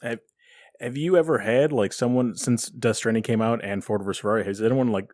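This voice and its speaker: A man's voice: mid-range voice, brisk, darkish tone, dry recording. A man hosting a podcast, asking friendly questions and laughing along with his guest. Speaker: podcast host. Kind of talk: casual podcast interview.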